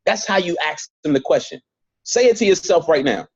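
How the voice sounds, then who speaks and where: A man's voice: a little high, expressive, fairly quick, husky, muffled recording. A man leading a network marketing training on a video call, emphatic and repetitive, speaking straight to his group. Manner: emphatic, repeats points, talks straight to the group.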